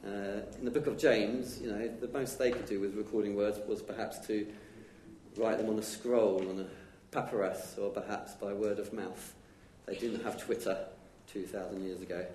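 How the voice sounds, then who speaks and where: A man's voice: on the low side, fairly even intonation, mellow. Chatty man preaching in an echoey room. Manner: conversational, chatty, acts out quick dialogue. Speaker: lay preacher. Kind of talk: informal sermon. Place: church hall. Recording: echoey church room with faint noise.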